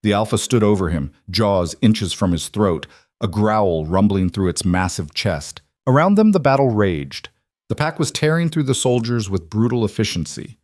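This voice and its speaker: A man narrating a dramatic fantasy story in a steady, scripted storytelling read. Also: lowish voice, normal speed, dry recording, clean studio sound.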